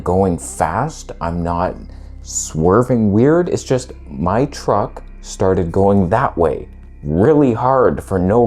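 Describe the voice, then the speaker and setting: A man telling a story on his vlog, his pitch swinging widely as he goes. His tone is warm and mellow rather than bright. He talks in laid-back slang and swears now and then. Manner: animated retelling that acts out quoted voices. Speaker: vlogger.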